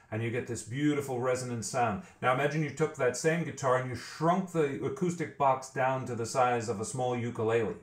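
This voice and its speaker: A man's voice: medium pitch, reverberant. A man teaching a vocal training lesson, explaining step by step and often repeating words as he thinks. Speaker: vocal coach.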